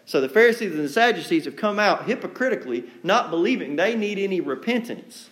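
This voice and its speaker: A man's voice: on the high side, very animated, fairly quick. A man preaching an evening sermon to a congregation, talking in a conversational, folksy way and acting out quotes with sarcasm. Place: church room with a congregation.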